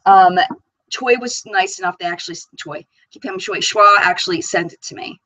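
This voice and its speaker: A woman's voice: mid-range voice, normal speed, bright, forceful tone, slight background noise, rough recording. A woman hosting a live makeup chat stream, bubbly and chatty, reading viewer comments aloud. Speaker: beauty channel host.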